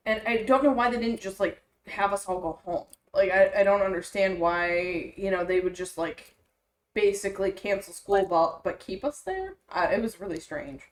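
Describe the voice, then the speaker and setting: A woman's voice: mid-range voice, unhurried. A woman in her thirties co-hosting a podcast, telling a story in an easygoing, casual way. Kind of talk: casual chat.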